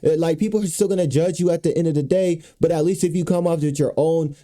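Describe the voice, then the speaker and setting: Man, reaction commentary, casual slangy delivery, very dark mellow tone, slightly high pitch. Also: fairly even intonation, quick pace. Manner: loose slangy talk, lots of "bro" and "you know what I'm saying". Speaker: commentary streamer.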